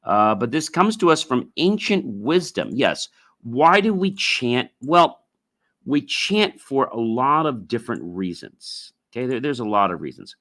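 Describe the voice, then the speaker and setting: A man hosting his own podcast, talking loosely with many fillers and repeats, and breaking into drawn-out chanted oms to show how they sound. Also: medium pitch, big pitch swings, sharp tone. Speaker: podcast host. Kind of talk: casual solo podcast talk.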